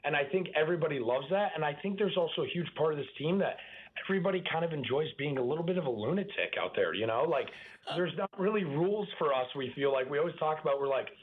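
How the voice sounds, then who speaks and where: A young man from the Boston area, a baseball pitcher, chatting casually as a guest with lots of fillers and restarts. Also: expressive, fast talker, slightly rough. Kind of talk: casual interview on a phone line. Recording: tinny phone line.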